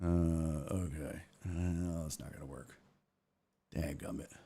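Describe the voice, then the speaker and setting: A man's voice: extremely low pitch, fairly even intonation, measured pace, creaky, dark tone. A man hosting a sports stream, chatting casually, rambling and often breaking off mid-sentence. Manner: rambling, self-interrupting, exclaiming. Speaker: sports show host. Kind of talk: casual live-stream chat.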